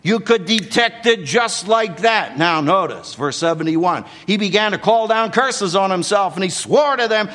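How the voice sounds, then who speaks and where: A man's voice: high voice, animated, measured pace, few pauses, fairly bright tone, in a large hall. An older man preaching a sermon, dramatically acting out the quotes in the story.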